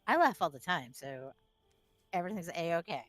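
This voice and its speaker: A woman with a Maine accent chats bluntly with friends over a game, swearing freely and quick to laugh. Her voice sits low and is recorded dry and close. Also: animated, no echo. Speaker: co-player. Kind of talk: casual chat while gaming.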